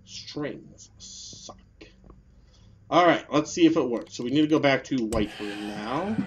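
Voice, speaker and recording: A man giving let's play commentary on a horror game, swinging between muttered grumbles and angry yelled curses. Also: mid-range voice, expressive, fairly quick, a little hiss or hum. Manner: swings from mutters and whispers to angry shouting, swears a lot. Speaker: gaming video host.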